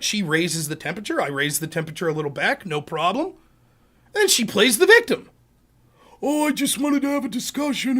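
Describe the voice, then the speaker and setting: A man's voice: sits high, pushed and bright. A man hosting a political live stream, ranting in a profane, combative, sarcastic way. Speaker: livestream political commentator.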